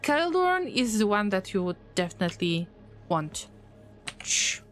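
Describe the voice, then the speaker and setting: With faint music behind her, a gaming streamer talks at a moderate pace in a medium-pitched, sing-song voice. She keeps the live chat casual while playing, teasing viewers and joking in response to what they write.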